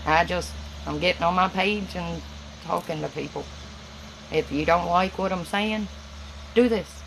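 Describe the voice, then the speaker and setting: A Southern woman with a Tennessee accent talks slowly to viewers on a phone live stream, reading out their comments and answering each one. Her voice is gravelly and her words run together, with a slight stutter. A faint hiss of background noise sits under her voice. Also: lowish voice, a bit bright, low-quality recording. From Southern United States.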